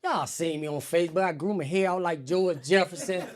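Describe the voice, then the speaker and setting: A man's voice: on the high side, a little fast, a little hiss or hum. A man doing stand-up storytelling on a comedy stage, acting out quotes in a raised voice. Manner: animated, acts out quotes in raised voice.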